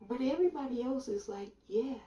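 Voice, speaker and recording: A woman delivers a blunt, sardonic monologue with a dark, mellow tone. Her voice sits a little back from the mic. The room gives it an echoey ring. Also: mid-range voice, unhurried, muffled recording. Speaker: commentator. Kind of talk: opinion monologue. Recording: roomy sound from a distance.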